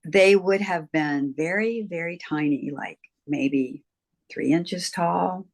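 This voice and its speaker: Brief: older woman guest, reflective storyteller, slightly low pitch. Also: takes it slowly. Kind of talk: interview storytelling.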